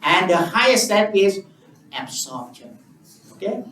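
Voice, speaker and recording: Slow-spoken monk with Indonesian accent. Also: male voice, sits high, very animated, a bit bright, slight background noise. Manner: slow, repetitive guidance with long pauses and simple broken English. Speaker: Buddhist monk teaching meditation. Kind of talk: guided meditation teaching. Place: temple or meditation hall. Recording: roomy, distant mic with faint ambience.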